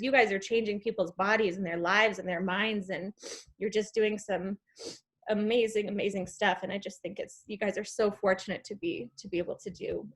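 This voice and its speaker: Enthusiastic rambling woman on a video call. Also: mid-range voice. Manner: enthusiastic, rambling with many fillers and restarts. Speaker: guest speaker. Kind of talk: motivational talk in a video chat.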